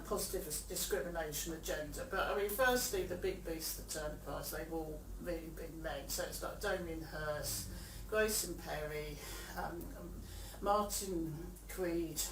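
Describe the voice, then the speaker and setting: Chatty English woman in a roomy studio. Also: lowish voice. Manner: animated, laughing, acts out quoted voices. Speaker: podcast co-host. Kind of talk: casual chat, storytelling. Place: artist's studio. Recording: roomy, distant mic with noise.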